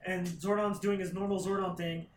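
A man's voice: sits high, level tone, moderate pace, slight background noise. A man on a podcast casually recapping a comic plot, rambling and swearing, acting out characters' lines. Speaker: podcast co-host. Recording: roomy echo.

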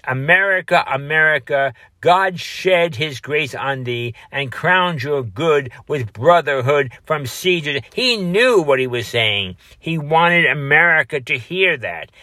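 A man's voice: medium pitch, bright, forceful tone, no echo. A man delivering an impassioned political commentary monologue, building long repetitive lists and stumbling into fillers and restarts.

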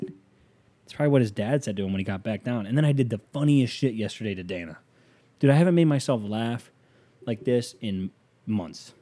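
Man, podcast host, casual rambling monologue, joking, mellow dark tone. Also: mid-range voice, lively intonation, brisk. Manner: rambling, joking, addresses listener directly.

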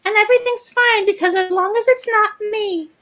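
High sing-song voice, whiny entitled woman mocked by a woman, mocking, self-centered. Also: fairly quick, fairly bright tone.

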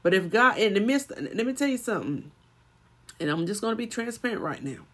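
A woman's voice: mid-range voice, sing-song, a little fast, fairly bright tone. A woman preaching a sermon and telling a personal story, building to emphatic swells.

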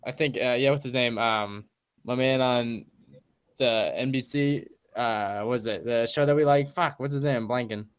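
A man co-hosting a casual podcast chat, easygoing and rambling, with plenty of fillers and shout-outs. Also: medium pitch, moderate pace, clear, resonant tone, dull audio. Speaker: podcast co-host.

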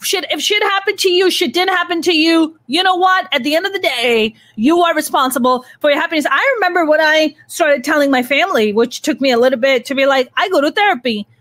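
A woman in her thirties hosts a frank conversation, swearing freely as she speaks with raw emotion. Her voice sits high, and it is recorded dry and close with no room sound. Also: a little fast, hardly any pauses, fairly bright tone, no room sound. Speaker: podcast host. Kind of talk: candid conversational interview.

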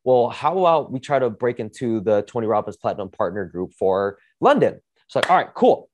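A man hosting a podcast, telling a story in a casual, energetic way, swearing often and saying "like" a lot. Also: lowish voice, a little fast, slight background noise. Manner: energetic, profane, heavy use of "like". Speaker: podcast host.

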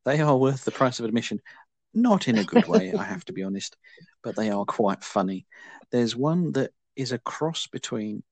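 A man's voice: medium pitch, lively intonation, normal speed, creaky, no room sound. A man hosting a casual film review chat, talking with dry, wry understatement. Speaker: podcast host.

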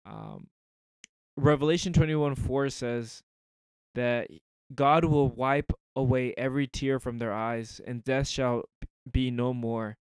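A man talks slowly and earnestly through a casual faith discussion, pausing and restarting as he gathers his thoughts. His voice comes through smooth and clear, recorded close and dry with no room sound. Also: mid-range voice, fairly even intonation, dry recording. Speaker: podcast co-host.

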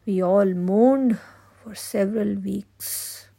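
A woman voicing a grieving grandmother in her sixties, retelling a childhood tragedy in slow, somber, breathy whispered role-play. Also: medium pitch, mellow, full character voice. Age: 60s.

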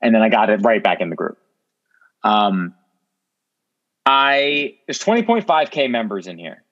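Lively young man on a dull line. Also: lowish voice, a little slow. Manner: earnest, bewildered, with frequent restarts. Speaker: podcast co-host. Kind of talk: casual podcast chat. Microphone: remote call. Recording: dull remote audio line.

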